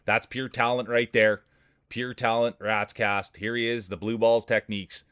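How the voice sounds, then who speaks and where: A man's voice: mid-range voice, flat delivery, moderate pace, a bit bright, clear, resonant tone, no room sound, clean studio sound. A man commentating marble races live on stream in a hyped announcer patter, chatting with his viewers between calls. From Canada. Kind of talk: playful sports-style race commentary.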